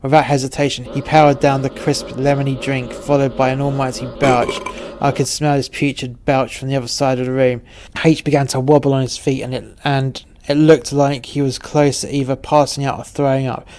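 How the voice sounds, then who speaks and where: Guy telling a boozy story, dry and sweary, pretty monotone, mid pitch. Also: noisy background. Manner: wry, profane, deadpan. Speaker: narrator. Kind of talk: storytelling narration.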